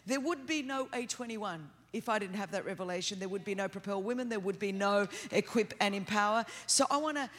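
A middle-aged woman with an Australian accent, preaching a sermon as a guest in a church, talking hard, fast and without pause. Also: mid-range voice. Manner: fast, energetic, continuous delivery. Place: large church auditorium. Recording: long hall reverb.

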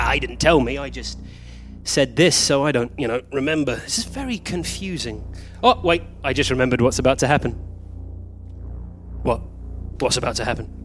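An actor playing a flustered male time traveller who keeps meeting copies of himself, bickering in quick, confused back-and-forth in a live comedy stage play. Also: mid-range voice, natural voice. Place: theatre stage, recorded live.

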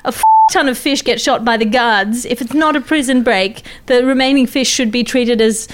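A woman's voice: on the high side, normal speed. Dry, ironic woman comic. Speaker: comedian guest. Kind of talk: comedic news chat.

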